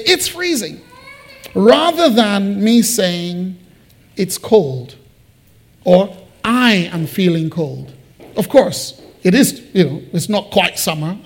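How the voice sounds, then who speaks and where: A man preaching a sermon to his church, conversational and animated, with joking asides. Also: sits high. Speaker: pastor. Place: church building.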